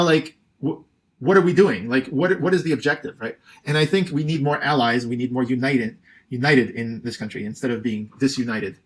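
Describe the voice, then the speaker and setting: A man gives casual spoken commentary on a debate. He rambles and hesitates, and his talk is full of fillers and restarts. His pitch sits in a middle range.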